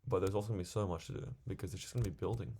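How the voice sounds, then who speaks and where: Gravelly, low-voiced gamer rambling. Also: male voice, steady tone, racing, warm tone, a little hiss or hum. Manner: rambling, chatty, talks to himself while playing. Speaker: gaming video creator. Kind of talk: casual gameplay commentary.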